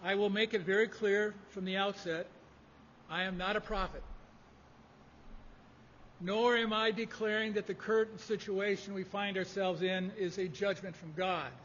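High-voiced preacher in a reverberant hall. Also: male voice, little pitch movement, a bit bright, slight background noise. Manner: measured, emphatic preaching. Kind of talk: sermon. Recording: dull lo-fi audio in a reverberant hall.

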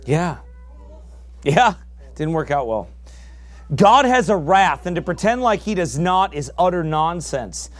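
A man preaching a sermon with real fire behind it. His voice sits somewhat high for a man and climbs into shouts when he drives a point home. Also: sing-song, measured pace. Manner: fiery, rising to shouts.

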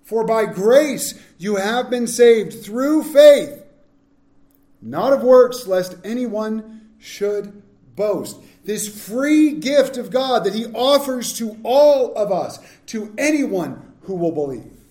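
Male pastor, high voice, animated sermon delivery, echoey church hall. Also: slow pace. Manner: animated preaching that swings from loud to hushed.

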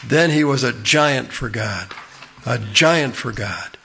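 A man's voice: medium pitch, expressive, slow pace, creaky, pushed and bright, slight background noise. A middle-aged man preaching a sermon in a folksy, earnest way, often asking the listeners questions.

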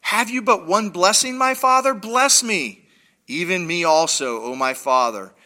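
A man voicing a wronged grown son from a scripture reading, speaking in a raised, plaintive pitch. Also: a little slow, sharp tone. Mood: pleading.

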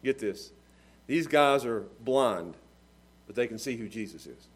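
A man preaching a sermon as pastor, moving between hushed, earnest passages and loud, fervent cries. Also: mid-range voice. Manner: dynamic preaching, swinging from hushed to shouting.

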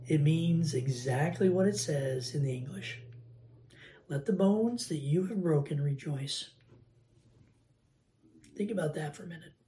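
A man teaching a conversational Bible lesson, talking informally and breaking into animated asides. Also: on the high side, a little hiss or hum. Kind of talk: informal Bible study talk.

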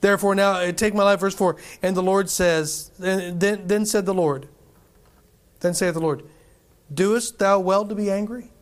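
A man's voice: high voice, steady tone, moderate pace. A male preacher reading scripture aloud and preaching a sermon emphatically, repeating himself and putting questions to the congregation.

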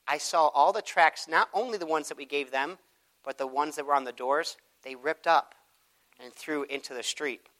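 A man preaching a sermon, telling a personal story in an animated way and acting out the people in it. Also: a little high. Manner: animated storytelling, acts out quoted voices.

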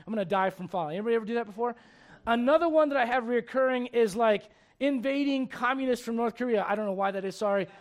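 A male preacher delivering a rousing sermon to a congregation, often putting questions to them. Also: very high-pitched. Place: church before a congregation.

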